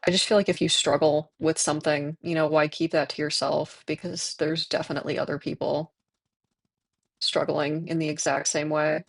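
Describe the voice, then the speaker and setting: A streamer in their twenties, hoarse from tonsillitis, chatting candidly with viewers and laughing often while playing a game. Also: mid-range voice, little pitch movement, normal speed, dry recording. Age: 20s. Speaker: livestreamer reading chat.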